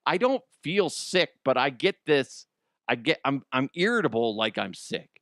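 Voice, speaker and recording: A man's voice: mid-range voice, very animated, moderate pace, fairly bright tone, dry recording, clean studio sound. A middle-aged man hosting a comedy news show, rambling and joking. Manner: rambling, joking, laughs often. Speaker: podcast host.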